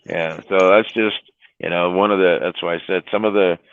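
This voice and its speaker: A man's voice: low-pitched, steady tone, moderate pace. A man telling trucking stories in a rambling, profane way, with lots of "you know" and "right?". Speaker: trucker on a livestream chat. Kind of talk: casual storytelling. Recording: dry tinny phone-like line.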